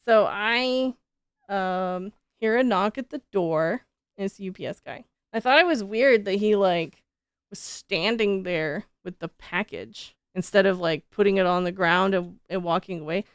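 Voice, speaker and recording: A woman streamer telling stories in casual, animated chat, full of fillers like "like". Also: mid-range voice, unhurried, smooth, no echo. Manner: animated, chatty, many fillers like "like". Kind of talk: casual live-stream storytelling.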